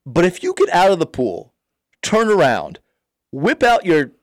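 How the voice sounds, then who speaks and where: A man acting out a rambling, excitable male radio caller who builds to loud, emphatic points. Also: high-pitched, a little slow, no echo, clean studio sound, pitched above the performer's own voice, exaggerated voice.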